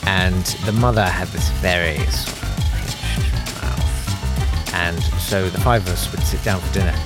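A man's voice: sits low, unhurried, loud music behind the voice. A man hosting a solo podcast, telling stories in a rambling, wry way. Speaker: podcast host. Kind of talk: casual solo podcast monologue.

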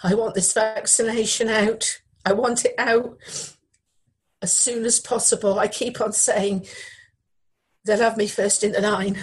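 Grieving middle-aged woman, husky, halting, repeats herself. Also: mid-range voice, fairly even intonation, poor audio. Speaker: interviewee, bereaved widow. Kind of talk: emotional news interview.

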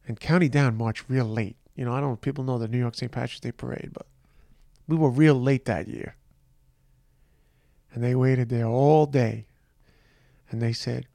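A tired middle-aged man hosting a podcast, speaking in a reflective, halting monologue with trailing restarts. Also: medium pitch, fairly even intonation, gravelly, warm tone, dry recording, studio quality. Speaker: podcast host. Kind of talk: personal monologue, remembering his mother.

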